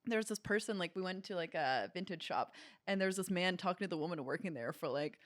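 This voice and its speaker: A woman co-hosting a comedy podcast, casually chatting and telling stories with lively acted-out quotes. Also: lowish voice, quick pace, no echo, clean studio sound. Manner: animated storyteller, acts out quotes. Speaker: podcast co-host. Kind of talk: casual chat.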